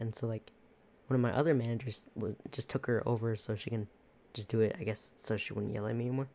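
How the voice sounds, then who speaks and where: A laid-back podcast host recounting a work story in a loose, rambling way, laughing often. The voice is dark and mellow, at a middle pitch. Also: flat delivery, brisk, long pauses. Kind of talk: casual storytelling.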